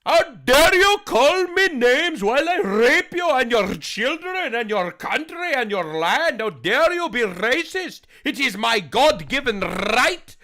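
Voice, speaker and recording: A man putting on a shrill, sneering outraged voice. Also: sing-song, bright, forceful tone, heavily acted. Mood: mock outrage. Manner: high, exaggerated, slow and outraged.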